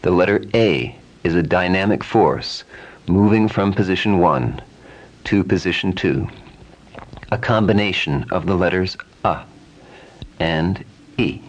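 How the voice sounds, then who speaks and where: A man teaching Sanskrit pronunciation, speaking calmly and repeating vowel sounds again and again as drills. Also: low voice, a little slow, long pauses. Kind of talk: slow, deliberate pronunciation lesson.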